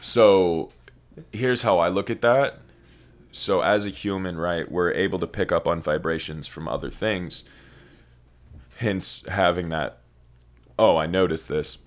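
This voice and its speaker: A man's voice: low-pitched, unhurried, pauses often. A young man co-hosting a podcast, rambling and swearing in casual stoned chat. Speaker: podcast co-host.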